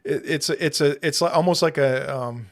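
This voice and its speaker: A man's voice: a little high, creaky. Chatty podcast man with frequent ums. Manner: laughs often, halting with many ums. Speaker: podcast host. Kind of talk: casual chat.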